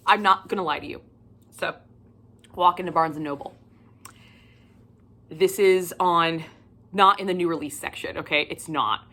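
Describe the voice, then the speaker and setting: A woman chatting casually in a book haul vlog, gushing and excitable, swearing freely and swinging between loud squeals and whispers. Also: on the low side, moderate pace, pauses often. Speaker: book vlogger.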